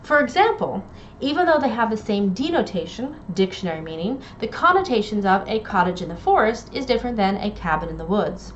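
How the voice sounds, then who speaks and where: A woman English instructor giving a recorded lecture, explaining terms clearly and reading poems aloud. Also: medium pitch, very animated, a little fast. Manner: clear explanatory delivery with quoted poem readings. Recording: dull lo-fi audio, faint noise.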